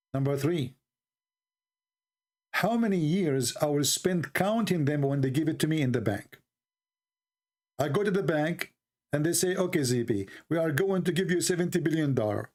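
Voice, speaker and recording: Here a middle-aged Middle Eastern show host delivers a sneering, sarcastic livestream monologue, his English broken and his accent Middle Eastern. His voice is slightly high and slightly mellow.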